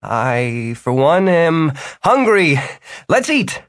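A man's voice: a little high, sing-song, drawn-out words, no echo, clean studio sound, voice pushed up, exaggerated voice. A man voicing an awkward, hesitant young man who trails off as he speaks. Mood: sheepish.

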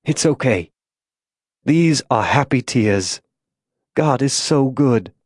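A man doing a tormented gentle zealot. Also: mid-range voice, expressive, takes it slowly, no echo, clean studio sound. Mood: anguished.

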